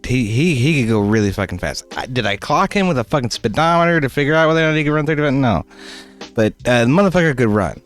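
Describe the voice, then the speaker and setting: A man streaming live, casually telling a story, swearing a lot and laughing often. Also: mid-range voice. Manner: profane, laughing, animated.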